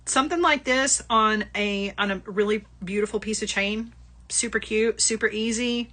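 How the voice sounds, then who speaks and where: A middle-aged woman hosts a live craft-shopping stream, chatting casually about products and laughing often. Her voice is medium-pitched, bright and forceful, at a normal pace.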